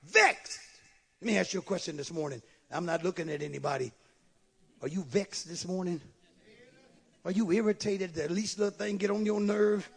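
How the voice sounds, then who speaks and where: A man preaching a fervent sermon, swinging from hushed asides to emphatic shouts and calling out to the congregation. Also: sits high, moderate pace, creaky, long pauses, husky. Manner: calls out to the congregation. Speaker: pastor.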